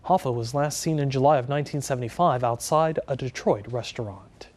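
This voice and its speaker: A man's voice: mid-range voice, fast, noisy background. A man anchoring a local TV newscast, reading stories and bantering with the weatherman. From Texas. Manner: smooth, conversational anchor delivery with light banter. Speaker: news anchor.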